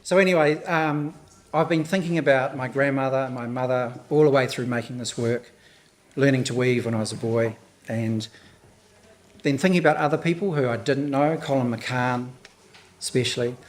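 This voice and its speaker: A man speaks at a gallery opening, nervous and halting, often restarting his sentences and laughing softly. His voice sounds a little hoarse and thick with emotion. His pitch sits in an ordinary middle range for a man. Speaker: exhibiting artist.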